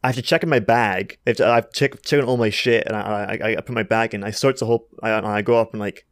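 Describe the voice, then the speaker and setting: A man's voice: fairly low pitch, steady tone, quick pace, no room sound. A man hosting a casual podcast, telling long rambling anecdotes full of swearing and restarts, into a podcast microphone. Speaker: podcast host. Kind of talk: casual chat and storytelling.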